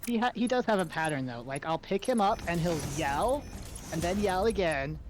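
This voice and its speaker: A woman's voice: fairly low pitch, lively intonation, normal speed, slight background noise. A sleep-deprived woman streaming a game, rambling and thinking aloud as she plays. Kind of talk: casual chat while gaming.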